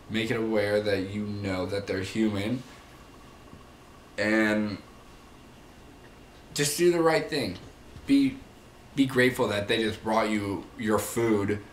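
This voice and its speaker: A young man, a vlogger and manager, rants casually to the camera about rude people, heated, profane and rambling as he goes. His voice is lowish, and the room is echoey with slight background noise.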